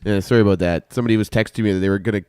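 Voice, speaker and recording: A man's voice: lowish voice, steady tone, racing, a little mellow, smooth, dry recording, studio quality. A Canadian man hosting a podcast, telling rambling, profane stories in casual chat, drifting into asides. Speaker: podcast host.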